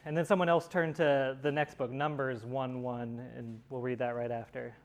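A man teaching a Bible study class in a conversational way, with many pauses and restarts. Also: mid-range voice, flat delivery.

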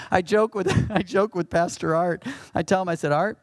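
A man's voice: high voice, fairly even intonation, measured pace. A middle-aged male pastor giving a conversational sermon with self-deprecating humor.

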